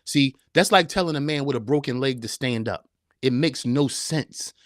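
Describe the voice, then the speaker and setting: A man's voice: medium pitch, normal speed, dry recording, studio quality. Fervent man hosting a live podcast. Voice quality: preacher-like, emphatic with repeated rhetorical questions. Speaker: podcast host. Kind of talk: live-streamed motivational talk.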